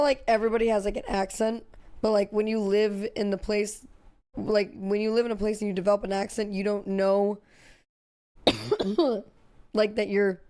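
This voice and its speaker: A woman's voice: mid-range voice, a little mellow. A tipsy young woman, chatting as a streamer in a giggly, rambling way full of "like". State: drunk. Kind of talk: casual chat.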